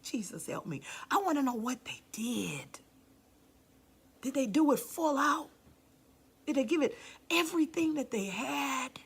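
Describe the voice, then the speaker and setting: With a high-pitched, gravelly voice, a woman pastor preaches fervently, calling out to the congregation and occasionally lowering to a near-whisper to make a point. She's animated but a little slow, leaving long pauses.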